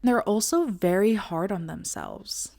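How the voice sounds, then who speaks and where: A woman in her twenties chatting casually to camera as a vlogger, playful and animated, acting out her friends' voices. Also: mid-range voice, measured pace, gravelly.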